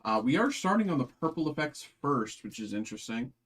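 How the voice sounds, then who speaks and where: A man's voice: medium pitch, sing-song, brisk, fairly bright tone. A man with an ordinary mid-range voice hosts a live card break. He chats casually and rambles, with plenty of fillers and restarts. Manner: chatty, rambling, lots of fillers.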